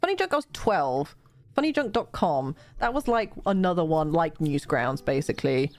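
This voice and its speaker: A woman's voice: low voice, big pitch swings, moderate pace. A woman co-hosting a casual gaming chat, rambling and restarting her phrases as she plays a game. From outside the United States. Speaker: co-host of a gaming chat show.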